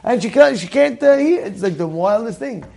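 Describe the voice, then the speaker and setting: A man telling a casual anecdote in an animated way, often repeating words and restarting his sentences. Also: high-pitched, normal speed, gravelly, slight background noise. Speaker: storyteller.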